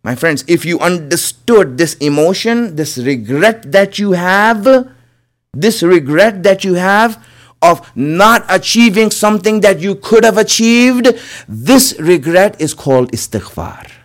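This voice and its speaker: A man's voice: high voice, expressive, measured pace. A man giving an earnest religious sermon, repeating phrases for emphasis and calling his listeners his friends. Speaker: preacher.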